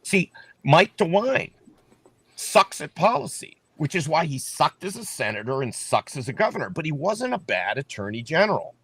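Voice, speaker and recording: A man's voice: a little high, big pitch swings, normal speed, a bit bright, husky, no room sound. A man running for office, talking emphatically in a casual political chat and often repeating himself. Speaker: political candidate.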